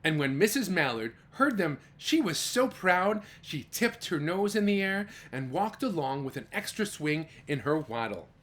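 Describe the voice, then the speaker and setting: A man reading a children's picture book aloud, animated and stopping to ask the young listener questions. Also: a little high, moderate pace, hardly any pauses. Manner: animated, asks the listener questions, gasps and exclaims. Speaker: children's storyteller.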